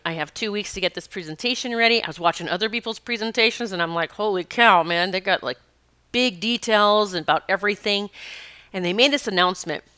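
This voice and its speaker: A woman with a medium-pitched, sharp yet smooth voice hosts a casual spiritual podcast. She tells a story in a chatty way, laughing often, and the recording has no room sound.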